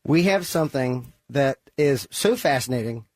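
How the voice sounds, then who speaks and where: A man's voice: mid-range voice, animated, moderate pace, a little mellow, no echo. A man hosting a casual podcast chat, playful with a mock-formal delivery. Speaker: podcast host.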